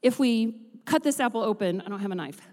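A woman pastor preaches in a large church, her high voice carrying a long hall reverb. She moves between relaxed, joking asides to the congregation and loud, rhythmic runs of preaching. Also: a little fast. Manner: builds to loud rhythmic preaching, then drops to chatty asides. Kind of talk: sermon. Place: church sanctuary.

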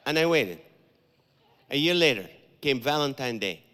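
A man doing stand-up comedy in a church, telling animated stories and acting out the voices. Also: mid-range voice, moderate pace. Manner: animated storytelling, acts out voices and punchlines. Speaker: Christian comedian. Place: large church auditorium. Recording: long hall reverb.

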